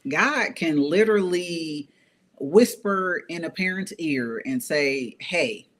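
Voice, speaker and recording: A woman's voice: sits low, expressive, slow pace. Woman, interview guest, personal testimony, earnest, repeats phrases for emphasis, conversational fillers.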